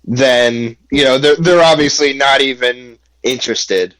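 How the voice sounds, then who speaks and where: A mid-pitched man from the United States talks soccer on a podcast, rambling through his points with plenty of "you know" and "like". The sound is dry and close, with no room around it. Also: measured pace, a bit bright, no room sound, rough recording. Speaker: podcast co-host. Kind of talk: casual sports chat.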